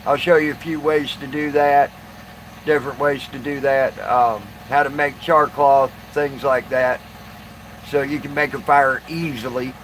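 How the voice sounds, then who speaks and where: Halting man chatting on stream. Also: mid-range voice, level tone, a bit bright, a little hiss or hum, poor audio. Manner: halting, many fillers and restarts. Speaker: live streamer. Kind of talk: casual live stream chat.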